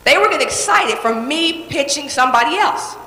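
Bright, high-voiced woman coaching on stage. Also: fairly quick. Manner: animated, emphatic, chatty with the audience. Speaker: coach and seminar speaker. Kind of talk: live motivational seminar storytelling. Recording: echoey hall reverb.

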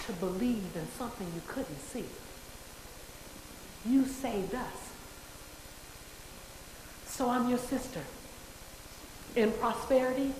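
A woman's voice: on the high side, a little mellow, a little hiss or hum. A woman giving a motivational speech to an audience, emphatic and repeating her key phrases for effect. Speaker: motivational speaker. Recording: echoey hall with long reverb.

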